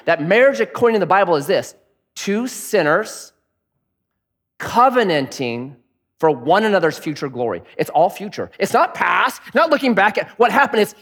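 A middle-aged man preaching a sermon as pastor, animated and joking, mimicking people in a high voice now and then. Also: normal speed, breathy edge.

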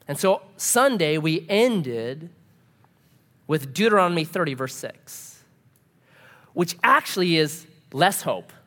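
A pastor preaching a casual, humorous sermon, full of rhetorical questions. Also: male voice, a little high, very animated, slow, pauses often, bright, forceful tone.

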